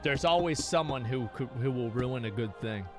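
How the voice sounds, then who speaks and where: A man telling a casual story in an animated, profane way, acting out his friends' quoted lines. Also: medium pitch, moderate pace, music in the background.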